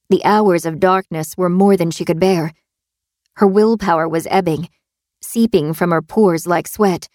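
A woman narrating a suspense audiobook in a steady, tense storytelling manner. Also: on the low side, no room sound, clean studio sound.

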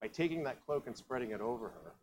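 A man from Ohio gives a sermon as if he were telling a story to friends. He keeps tossing out asides and questions to the congregation, and his voice sits at an ordinary middle pitch. A faint hiss is heard behind him. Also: sing-song, fast, darkish tone, low-quality recording. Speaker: pastor.

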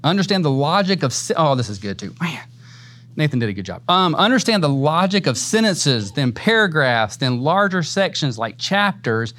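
A man's voice: on the high side, fairly bright tone. A man teaching a church Bible class in a casual, conversational way, often adding "man" and "right?" and laughing easily.

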